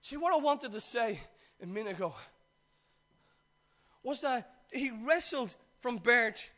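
High-voiced Irish preacher telling a story. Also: male voice, measured pace. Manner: animated storytelling, acts out the characters; jokes with the congregation. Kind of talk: sermon.

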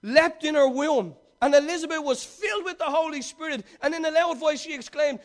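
A man preaching a sermon, reading scripture aloud and then retelling it with swings between loud emphasis and quiet asides. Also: extremely high pitch, fairly quick, few pauses.

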